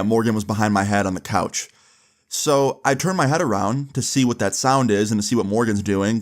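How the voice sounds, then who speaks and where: A young man casually telling a long story, rambling with many asides and swearing freely. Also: on the low side.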